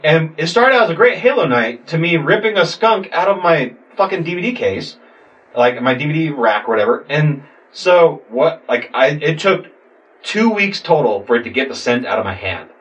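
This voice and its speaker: A young man casually telling a story, animated, acting out voices and swearing a lot. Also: fairly high pitch, normal speed, lo-fi sound. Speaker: podcast guest telling a story. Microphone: sitting far from the mic. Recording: distant mic in a room.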